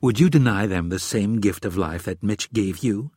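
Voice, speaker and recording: A man's voice: on the low side, moderate pace, a little mellow, husky, no room sound. A man voicing a cool, commanding woman who runs an intelligence agency, in a clipped and controlled way, for an audiobook. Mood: stern.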